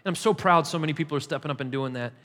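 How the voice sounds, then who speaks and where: A man's voice: a little high, very fast, pushed and bright. A man pastor preaching a sermon in a church, emphatic and repetitive, building in intensity. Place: church sanctuary. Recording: long hall reverb.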